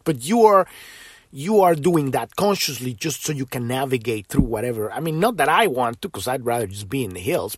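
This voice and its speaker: Lively, rambling male podcast host. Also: on the high side, husky, no room sound, clean studio sound. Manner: rambling, with many restarts and "right?" tags; swears freely. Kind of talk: casual spiritual talk.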